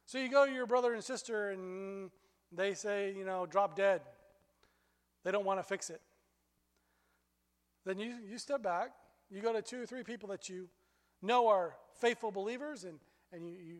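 Male pastor, sermon, animated storytelling, high-pitched, reverberant sanctuary. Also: normal speed. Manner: animated storytelling, rising high when excited.

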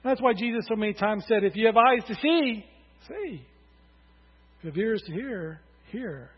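A man's voice: high voice, expressive, moderate pace, slightly rough. A man preaching a sermon as pastor, emphatic and calling on the congregation to answer aloud. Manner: emphatic, calls for congregation responses. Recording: dull, hall reverb.

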